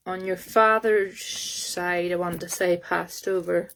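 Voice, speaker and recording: Flat-toned woman doing a live reading. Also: on the low side. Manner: halting, searching for words aloud. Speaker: psychic medium. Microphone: phone.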